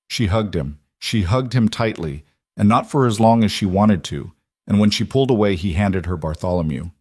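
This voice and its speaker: A low-voiced, slightly rough male narrator reads a scripted story aloud in a measured, even storytelling style. The recording is close and dry, with no room sound or echo.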